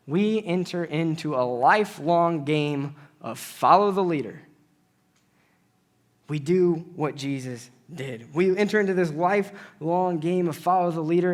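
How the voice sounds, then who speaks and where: A man preaching a sermon in an animated way, acting out conversations with God as he speaks. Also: a little high. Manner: animated, acts out dialogues with God.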